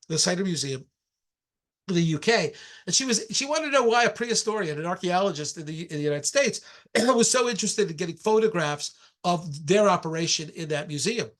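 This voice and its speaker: High-voiced man giving a casual lecture. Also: a bit bright. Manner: conversational, with frequent restarts and asides. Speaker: archaeologist. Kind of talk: public lecture with slides.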